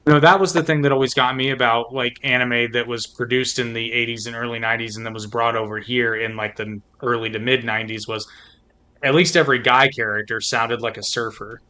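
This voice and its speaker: Podcast co-host, male, wry and chatty, forceful bright tone. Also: mid-range voice, little pitch movement, fairly quick, clear, resonant tone. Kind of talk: casual chat.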